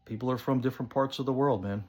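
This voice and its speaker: A man's voice: mid-range voice, fairly even intonation, fast talker, darkish tone, faint music behind. A man with a New Jersey accent, talking casually to his channel viewers in a rambling way with many fillers. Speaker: pipe-smoking channel host. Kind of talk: casual monologue to camera.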